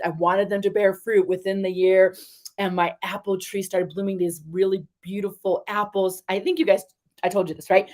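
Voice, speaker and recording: A woman reads spiritual cards for an online audience in a friendly, chatty way. She keeps reassuring her listeners and turns lively when she retells her own stories. Her voice sits in an ordinary middle pitch. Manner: chatty and encouraging, addresses viewers as you guys. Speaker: tarot reader. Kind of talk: spiritual card reading to viewers.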